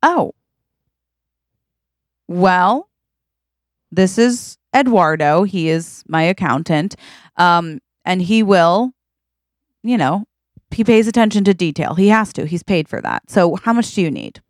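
A woman co-hosts a comedy podcast, playfully improvising. She talks slowly, and her voice sits slightly low. The sound is dry and close. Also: big pitch swings, no echo. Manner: playful, reacting. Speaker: podcast co-host.

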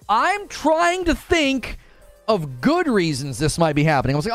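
A man hosting a casual livestream, reading chat and acting out his own reactions in lively commentary. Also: on the high side, fairly quick, faint music behind. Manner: animated, acts out his own past thoughts. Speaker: livestream host.

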